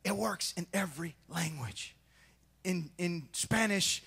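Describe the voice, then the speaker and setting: A male pastor preaching a sermon in a church, swinging between quieter asides and shouted, sing-song peaks. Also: sits high, measured pace, vocal fry, husky. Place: church sanctuary.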